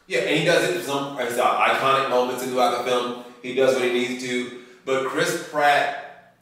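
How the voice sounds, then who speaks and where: A man's voice: mid-range voice, steady tone, moderate pace, fairly bright tone. A man co-hosting a casual podcast, reviewing a film in an emphatic, jokey, slangy way. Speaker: podcast co-host. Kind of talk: casual movie review chat. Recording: echoey room, mic at a distance.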